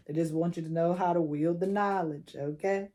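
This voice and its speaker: A woman's voice: on the low side, fairly even intonation, normal speed, warm tone. A woman doing a casual tarot reading, chatty and coaching, using slang and laughing now and then. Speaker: tarot reader.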